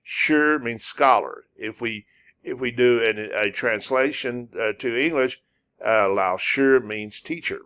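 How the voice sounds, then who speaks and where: A man's voice: mid-range voice, takes it slowly, bright, forceful tone, smooth. A man teaching a language lesson, patiently repeating words and sounds over and over. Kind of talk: slow, repetitive language lesson.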